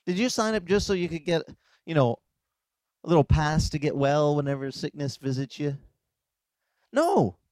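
A male pastor giving a conversational, animated sermon and acting out dialogues. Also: a little high, normal speed, long pauses, dry recording. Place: beach church service, outdoors.

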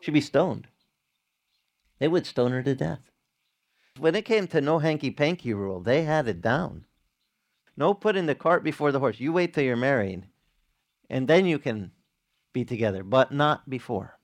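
A man's voice: expressive, normal speed, pauses often. A man preaching a sermon in a casual, conversational way, acting out short dialogues. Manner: conversational, acts out little dialogues with jumps in pitch.

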